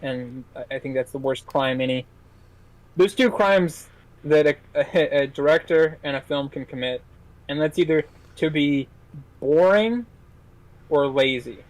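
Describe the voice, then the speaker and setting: A man co-hosting a film podcast, reviewing a movie in casual chat with many halting restarts and fillers. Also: a little high, no echo, rough recording. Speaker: podcast co-host, film critic.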